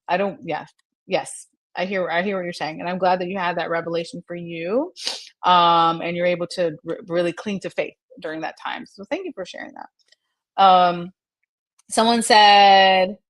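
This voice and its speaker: A woman's voice: fairly low pitch, steady tone, a little slow, no echo. A middle-aged woman hosting a live mental health segment, chatting through viewer comments in an encouraging way and laughing often. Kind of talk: live-stream chat answering viewer comments.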